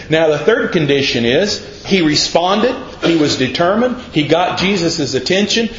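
A man's voice: a little high, lively intonation, moderate pace, hardly any pauses, fairly bright tone, a little hiss or hum. A man preaching a sermon in a folksy, conversational way, acting out the voices he quotes. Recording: roomy, dull sound with faint ambience.

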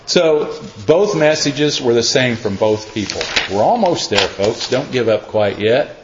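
A man's voice: mid-range voice, animated, measured pace, background noise. A man preaching in a folksy, conversational way, explaining scripture and acting out quotes. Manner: folksy, repeats himself, acts out quotes. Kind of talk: conversational Bible teaching. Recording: roomy, slightly dull sound.

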